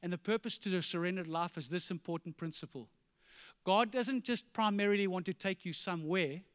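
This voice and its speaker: A pastor preaching an animated sermon, firing rhetorical questions and dropping to quiet emphasis, in a church. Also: male voice, high-pitched, a little fast, clear, resonant tone, in a large hall.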